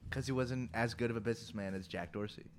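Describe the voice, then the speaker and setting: A man co-hosting a podcast, talking in a measured, insistent way and reading facts aloud. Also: mid-range voice. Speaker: podcast co-host. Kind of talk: casual chat.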